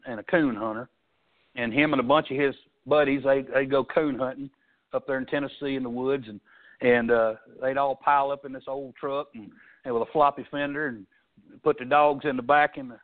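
A man preaching a sermon, telling folksy stories and swinging between loud and soft. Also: fairly high pitch. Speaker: pastor. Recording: tinny phone-like sound.

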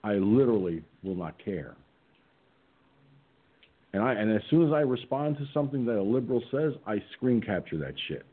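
A man's voice: lowish voice, very animated, normal speed, pauses often, breathy edge. A man hosting an online political radio talk show, sarcastic and combative, reading his own replies aloud. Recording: tinny phone-line sound.

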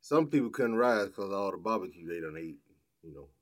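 A man's voice: low-pitched, lively intonation, fairly quick. A man co-hosting a gospel radio show in the studio, with a joking, teasing manner. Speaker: radio co-host. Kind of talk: casual radio banter.

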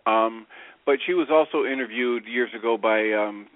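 A man's voice: on the low side, moderate pace, no room sound. A man co-hosting a radio show, explaining his ideas in a reflective, casual way. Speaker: radio co-host. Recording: tinny phone-line radio audio.

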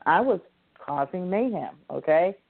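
A middle-aged woman hosting a call-in show, speaking slowly and with emphatic repetition. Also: fairly low pitch, lively intonation, gravelly, no echo. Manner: slow, emphatic, repeating words. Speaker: host. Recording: dry, tinny phone-like sound.

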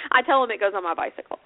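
A woman co-hosting a motorcycle radio show, chatting casually and laughing often. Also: fairly high pitch. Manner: giggly and chatty. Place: Sarasota. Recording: phone-like narrow band, dry.

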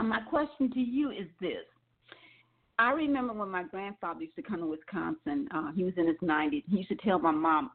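A woman's voice: lowish voice, slightly rough. Woman radio host on a phone line. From Louisiana. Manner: conversational, reminiscing, inquisitive. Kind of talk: radio call-in talk.

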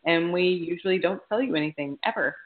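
A woman's voice: on the low side, fast. A woman co-hosting a podcast in casual chat, thinking aloud and correcting herself as she goes. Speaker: podcast co-host. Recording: tinny phone-like sound.

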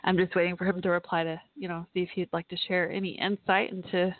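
A chatty woman hosting a call-in podcast from her home office. She thinks out loud and apologizes often. The sound is dry and thin, like a phone line. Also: on the low side, level tone, fast talker, no echo. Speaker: podcast host. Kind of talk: casual call-in show chat.

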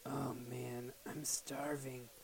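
A man's voice: mid-range voice, level tone, slow pace, vocal fry, low-quality recording. A man playing a hungry, neglected little boy who shows up at the door late at night, whiny and hesitant. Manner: whiny, childlike, hesitant with ums.

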